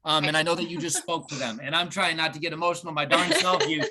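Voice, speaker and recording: A man hosting a live company video call, earnest and emotional, slowing down with restarts as he thanks and introduces speakers. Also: a little high, steady tone, background noise. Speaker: host.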